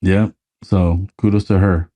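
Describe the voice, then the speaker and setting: A man's voice: sits low, level tone, measured pace, mellow. A man co-hosting a podcast in casual chat, laid-back and swearing freely as he acts out lines from a film. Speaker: podcast co-host.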